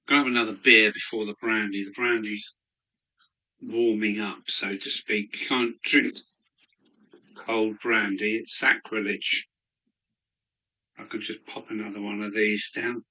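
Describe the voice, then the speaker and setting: Slow, chatty man streaming. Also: lowish voice, steady tone, sharp tone. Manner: chatty, rambling, greets viewers by name. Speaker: live stream host. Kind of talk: casual chat while eating. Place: home hobby room.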